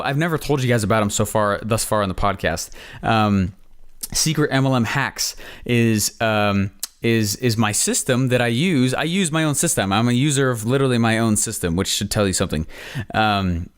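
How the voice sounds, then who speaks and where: A man hosting a podcast, telling stories in a rambling, opinionated, casual way. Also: medium pitch. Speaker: podcast host.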